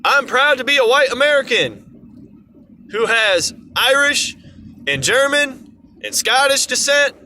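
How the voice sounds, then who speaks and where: A man's voice: very high-pitched, expressive, slow pace, long pauses, pushed and bright, slight background noise. A man ranting in an exasperated, sarcastic way in an opinion vlog. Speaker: vlogger. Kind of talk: opinion rant to camera.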